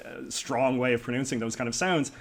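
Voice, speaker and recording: A man with a Canadian accent, a podcast guest in casual conversation, talking rapidly and filling his speech with "like" and "you know". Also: medium pitch. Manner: rapid, talkative, peppered with 'like' and 'you know'.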